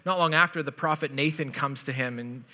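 A man preaching with a bright, forceful edge and a somewhat high voice. He retells the story in a relaxed, chatty way, as if speaking to friends. His words ring out with the long reverb of a big hall. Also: a little fast. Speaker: pastor. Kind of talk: sermon.

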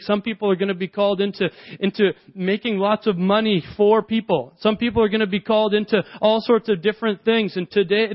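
Earnest high-voiced man preaching. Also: dull audio. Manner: earnest storytelling with repeated phrases. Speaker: pastor. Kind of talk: sermon.

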